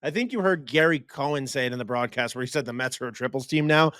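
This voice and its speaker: A young man co-hosting a casual sports chat, an excitable and animated storyteller. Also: medium pitch, fast talker, clean tone, no echo, clean studio sound. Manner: excitable, animated storyteller who slips into impressions. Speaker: co-host.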